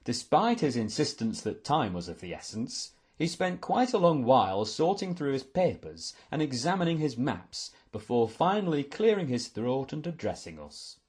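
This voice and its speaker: A man's voice: medium pitch, moderate pace, hardly any pauses, slightly rough. A man narrating an audiobook in a storytelling tone, shifting between voices for many characters. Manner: expressive, voicing many characters.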